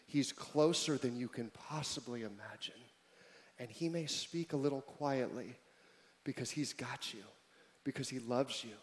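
A man preaching a sermon to a congregation, joking with the crowd at times and then dropping to a hushed, intimate tone. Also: medium pitch, a little slow. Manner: swings from loud emphatic preaching to hushed near-whisper; humorous asides to the congregation. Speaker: pastor.

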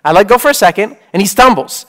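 A man's voice: high-pitched, expressive, quick pace, bright, forceful tone. A man in his thirties, a priest, giving a conversational sermon full of "like" and "okay?". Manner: casual, peppered with "like" and "okay?".

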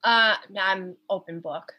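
A woman's voice: medium pitch, measured pace, dull audio. A young woman in casual conversation, speaking candidly, swearing often and acting out quoted exchanges. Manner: candid, frequent swearing, acts out quoted dialogue. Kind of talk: casual chat.

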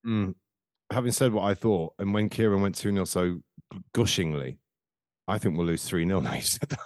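A man's voice: deep voice, normal speed, darkish tone, no room sound, studio quality. A man hosting a casual football podcast, telling rambling, jokey anecdotes. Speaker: podcast host.

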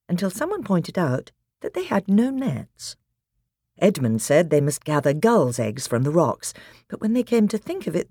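Low, expressive woman audiobook narrator. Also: husky, no echo, clean studio sound. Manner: expressive storytelling. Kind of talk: audiobook narration of a children's novel.

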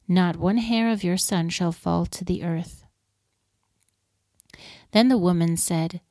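Woman scripture reader, even and measured, lowish mellow tone, dry close sound. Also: no room sound. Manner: measured, steady reading aloud.

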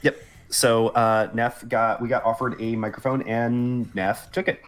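A man's voice: medium pitch, steady tone, measured pace, soft background music. A man hosting a casual gaming podcast who talks loosely, with fillers and casual swearing, on a home podcast mic. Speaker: podcast host. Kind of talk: casual chat.

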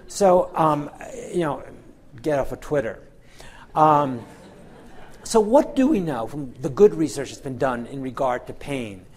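A middle-aged man delivers a medical lecture in a mid-pitched, everyday voice. He talks candidly and wryly, leaning on fillers like "you know" and "um" and circling back to restart his phrases. His tone is that of an experienced clinician telling stories to an audience. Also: lively intonation, unhurried, darkish tone. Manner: candid, wry storytelling with frequent fillers. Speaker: physician and pain researcher.

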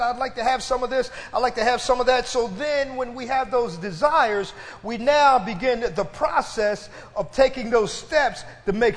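This preacher's voice is extremely high-pitched and fairly bright. Inside a reverberant church hall, he lengthens his phrases for emphasis while calling for the congregation's response.

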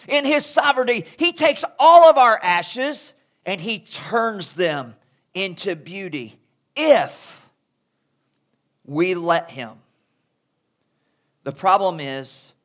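Guy with a pretty high voice giving a youth sermon, lively and chatty. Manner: animated, conversational preaching. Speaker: youth speaker. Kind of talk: sermon to young people.

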